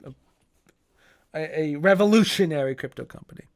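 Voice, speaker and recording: A man's voice: fairly high pitch, moderate pace. Rambling, cursing young male podcaster. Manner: rambling, profane, restarts and searches for words. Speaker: podcast host. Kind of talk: casual solo podcast commentary.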